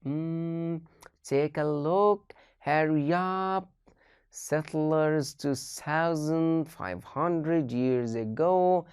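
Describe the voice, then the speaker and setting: Low-voiced woman teaching English. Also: drawn-out words, darkish tone, clean tone, no room sound, clean studio sound. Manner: asks the students many questions and repeats key phrases. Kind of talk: online lesson addressing students.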